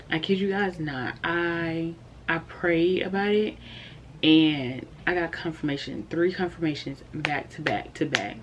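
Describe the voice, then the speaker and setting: A woman's voice: low-pitched, muffled recording. A young adult woman telling a candid, heartfelt story in a casual vlog, chatty and full of fillers. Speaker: vlogger.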